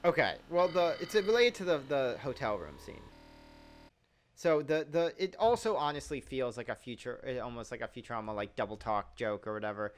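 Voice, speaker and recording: A man's voice: mid-range voice, expressive, brisk, soft background music. A man rambling casually about a TV series, leaning heavily on "like" and laughing at its plot holes.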